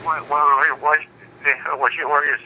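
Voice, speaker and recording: A man's voice: a little high, flat delivery, normal speed, pushed and bright, a little hiss or hum, rough recording. A man in casual chat who stammers and repeats his words as he reacts to a friend. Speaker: friend listening.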